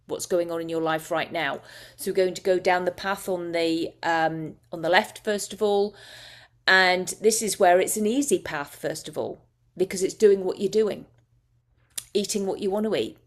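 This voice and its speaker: A woman's voice: fairly low pitch, moderate pace. A woman hypnotist teaching a masterclass, talking casually and emotively with frequent restarts.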